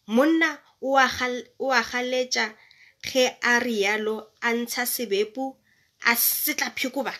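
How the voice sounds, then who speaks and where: A woman's voice: a little high, a little slow, bright, forceful tone. A young woman reading a children's story aloud and chatting about it. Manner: chatty, explaining.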